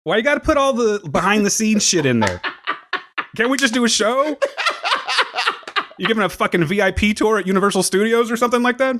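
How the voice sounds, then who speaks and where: A man's voice: high-pitched, expressive, fairly quick, long pauses, a bit bright, a little hiss or hum. A man co-hosting a podcast in casual chat, joking and swearing in mock-formal tones while his voice recovers from a sore throat. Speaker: podcast co-host.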